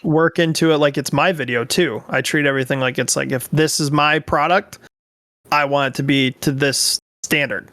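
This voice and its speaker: A young man co-hosting a relaxed podcast, backing up his friend with quick agreements and running commentary. His voice sits a little high and is recorded dry and close. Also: no echo. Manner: agreeable, chiming in with quick backchannels. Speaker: podcast co-host. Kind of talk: casual chat.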